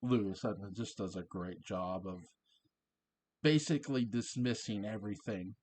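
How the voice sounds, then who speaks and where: A man's voice: fairly low pitch, measured pace, a little mellow, a little hiss or hum. A man casually recapping a TV episode, chatty and laughing often, quoting lines in passing. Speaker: show reviewer.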